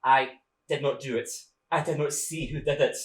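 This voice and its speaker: A man's voice: mid-range voice, steady tone, moderate pace, lightly acted. An actor playing a nervous male guard who brings bad news, hesitant and stammering with many ums and restarts. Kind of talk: stage play acting. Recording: echoey room.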